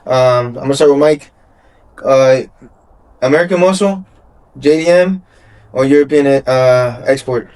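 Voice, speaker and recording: A man's voice: mid-range voice, a little slow, long pauses, darkish tone. A man hosting a casual podcast in a car garage, laid-back and calling everyone "bro". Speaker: podcast host. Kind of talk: casual chat.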